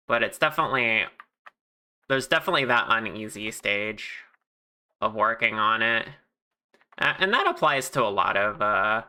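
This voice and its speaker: Streamer, casual crafting chat, very sharp, crisp, chatty tone, thinks aloud at a home mic. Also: mid-range voice. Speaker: livestreamer making plushies.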